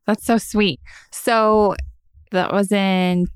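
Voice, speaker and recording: A woman hosts a podcast interview, giving reactions and asking follow-up questions. She speaks slowly, with a smooth, clear voice. The recording is dry and close. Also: mid-range voice, steady tone, dry recording. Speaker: podcast host.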